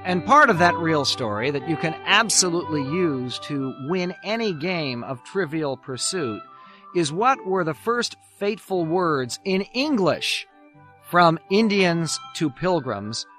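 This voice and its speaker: A man's voice: on the high side, lively intonation, unhurried, bright, forceful tone, dry recording, studio quality, soft background music. A man hosting a radio history program, telling the story with emphatic, swelling stresses on key words. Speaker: radio host.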